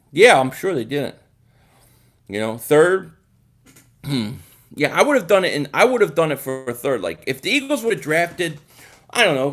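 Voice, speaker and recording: A man with a high voice hosts a live sports stream, reading out viewer comments and chatting back. He talks loosely and thinks aloud, often repeating and restarting his words. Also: fairly bright tone.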